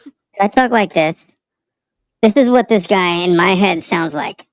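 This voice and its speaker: A man doing a squeaky, exaggerated impression of a whiny, smug man. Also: unhurried, smooth, dry recording. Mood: playful.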